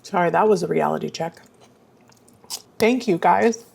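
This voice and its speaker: A woman's voice: lowish voice, measured pace, gravelly, darkish tone. A woman vlogger talking casually to her viewers, rambling and self-deprecating, earnest and openly emotional. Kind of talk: casual chatty vlog.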